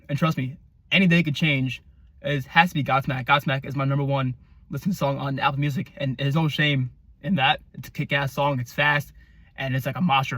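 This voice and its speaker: A man giving a casual album review, rambling and excitable, with lots of fillers and the odd swear. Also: mid-range voice, dry recording. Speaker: music reviewer.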